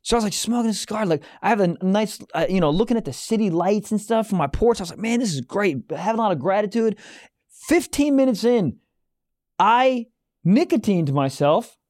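A man's voice: high voice, a little fast. A man co-hosting a podcast, chatting crudely and telling rambling stories. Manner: animated, rambling storyteller. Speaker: podcast co-host and comedian. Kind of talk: casual crude banter.

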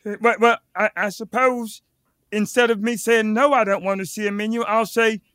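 A man's voice: high-pitched, fairly even intonation, moderate pace, fairly bright tone, dry recording, studio quality. A man doing improv comedy as a flustered, eager restaurant worker who stammers.

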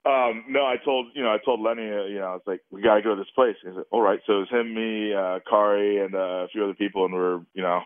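Low-voiced male actor on a tinny phone line. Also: fairly even intonation, dry recording. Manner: halting, rambling, laughs easily. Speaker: actor guest. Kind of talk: casual interview over phone.

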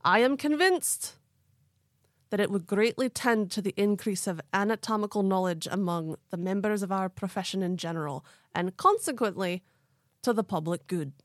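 A woman voicing a 19th-century Scottish male surgeon with a put-on Scottish accent, declaiming slowly and formally. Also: mid-range voice, no echo, studio quality, close to an everyday voice. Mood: grave, formal.

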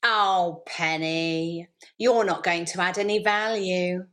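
A woman's voice: on the low side, fairly even intonation, slow, a bit bright. A woman voicing a nagging, belittling female inner critic that scolds and sneers. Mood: sneering.

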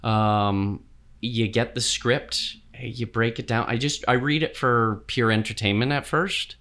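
A middle-aged man, a TV director, answering interview questions in a reflective, measured way with frequent fillers. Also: medium pitch, steady tone, fairly bright tone. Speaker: TV director, guest.

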